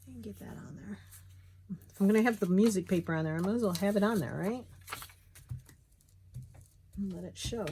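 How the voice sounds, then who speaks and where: A woman's voice: medium pitch, normal speed, pauses often, dark tone, a little hiss or hum. A middle-aged woman chatting casually while she crafts, muttering to herself as she works.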